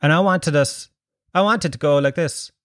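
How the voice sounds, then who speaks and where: A man's voice: fairly high pitch, normal speed, fairly bright tone, no room sound, studio quality. A man in his thirties with a Dublin Irish accent, hosting a casual solo podcast from his sitting room in a rambling, sweary, self-mocking way. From Ireland. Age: 30s. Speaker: podcast host.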